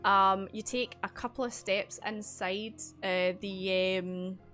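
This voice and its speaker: A woman's voice: mid-range voice, steady tone, takes it slowly, a bit bright, faint music behind. A woman narrating a tabletop game as dungeon master on a stream, chatty with lots of fillers.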